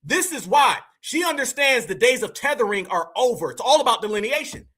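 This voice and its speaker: A man with a very high, piercing voice delivers heated online commentary straight to his audience. He talks in emphatic slang and keeps calling his viewers fam and y'all. The tone is sharp and forceful. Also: very animated, a little fast, husky. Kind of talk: opinionated commentary.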